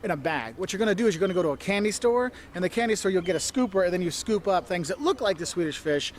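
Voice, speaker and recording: A man's voice: high-pitched, expressive, quick pace, slight background noise. A man giving travel tips to camera outdoors in a city, talking in a chatty, direct way with laughs and asides. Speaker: travel vlogger.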